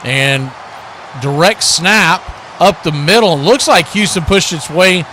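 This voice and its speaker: A man giving live football play-by-play as the announcer of a watch-party stream. He calls each play briskly and his voice jumps up on big moments. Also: on the high side, sharp tone, a little hiss or hum. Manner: brisk, calls plays as they happen, rises sharply on big plays.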